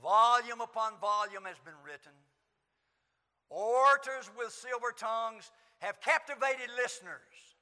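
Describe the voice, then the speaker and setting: A man preaching a sermon in an auditorium, impassioned, swinging from hushed lines to shouts. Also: very high voice, moderate pace. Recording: long hall reverb.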